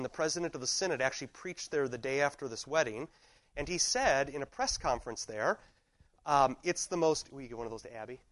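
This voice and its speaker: A man's voice: on the high side, poor audio. A man, a teacher in his thirties, chatting casually to a class, rambling through anecdotes and cutting himself off mid-sentence. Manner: rambling, anecdotal, self-interrupting.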